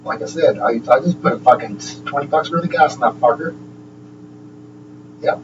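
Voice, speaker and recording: A man's voice: medium pitch, normal speed, recorded from a distance, highs cut off. A man chatting loosely on a livestream, swearing constantly and chuckling between sentences. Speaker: livestream host. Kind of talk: rambling casual chat. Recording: steady hum in the background.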